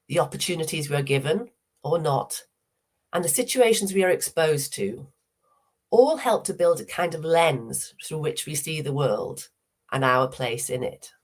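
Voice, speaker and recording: Low croaky woman with a cold, measured personal talk at an online summit. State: hoarse with a cold. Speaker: speaker, hypnotherapist.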